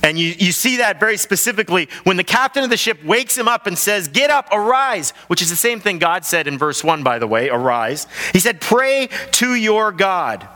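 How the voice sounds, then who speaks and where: Bright-voiced pastor in a reverberant hall. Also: male voice, high voice, a little fast, hardly any pauses. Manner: animated storytelling, acts out voices. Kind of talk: sermon. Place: large church hall.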